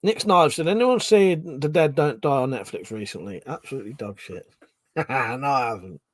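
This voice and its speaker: This livestream host, from Buckinghamshire in England, speaks at a medium pitch and normal speed with lively intonation, in studio-quality audio with no room sound. Chatting casually, he reads viewer comments, laughs frequently and swears freely.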